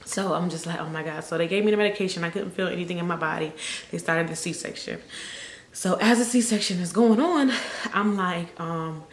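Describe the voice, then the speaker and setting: Casting note: young woman, storytime vlogger, fairly low voice, echoey room. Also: moderate pace. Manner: animated storyteller, acts out quotes. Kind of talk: casual storytime. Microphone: camera mic.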